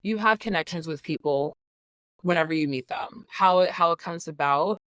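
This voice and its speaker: Animated woman on a dry podcast mic. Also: on the low side, moderate pace, dry recording. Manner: animated, laughs often, acts out her own reactions. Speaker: returning podcast guest. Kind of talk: casual film discussion.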